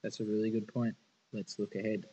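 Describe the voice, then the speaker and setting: A man's voice: on the low side, little pitch movement, fairly quick, mellow, breathy edge, poor audio. Male teacher, informal lesson delivery, casual and candid with students. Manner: casual, chatty and frank.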